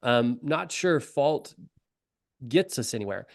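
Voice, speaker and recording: A man co-hosting a leadership podcast, speaking thoughtfully with frequent pauses and fillers. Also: medium pitch, animated, creaky. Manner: thoughtful, measured, many fillers. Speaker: podcast co-host, leadership coach. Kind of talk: casual conversation.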